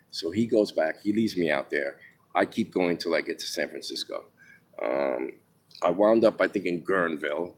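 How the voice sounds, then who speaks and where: Man from New York, very low voice, casual rambling memoir, swears, restarts a lot. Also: a little hiss or hum. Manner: rambling, many ums and restarts, swears freely. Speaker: storyteller.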